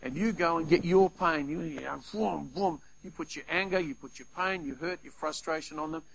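Animated man preaching. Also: fairly high pitch, normal speed, gravelly, husky, poor audio. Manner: animated, acts out little scenes in quoted voices. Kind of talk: sermon.

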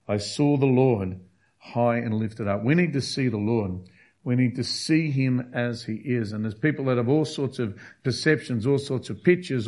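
A man's voice: medium pitch, darkish tone. A man preaching a sermon, emphatic and repetitive, hammering key phrases. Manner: emphatic, repeats key phrases, acts out quotes.

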